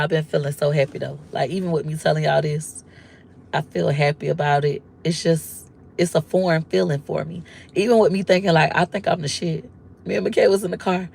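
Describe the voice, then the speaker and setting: A woman's voice: low-pitched, creaky. A woman in her forties, a mother of grown kids, talking candidly and emotionally to her viewers in casual slang, acting out what her husband said. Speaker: vlogger, mother.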